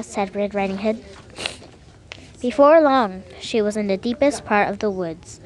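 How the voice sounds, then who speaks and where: A woman reading a fairy tale aloud as narrator, lively with small slips. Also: mid-range voice, measured pace. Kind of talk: storybook reading.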